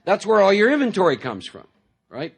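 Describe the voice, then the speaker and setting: Husky-voiced man telling stories to a crowd. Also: sits high, huge pitch swings, a little fast. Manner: conversational, keeps asking the audience "see?"; jokey storytelling, acts out inner voices. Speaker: guest speaker at a recovery meeting. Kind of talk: speaker talk to a live audience.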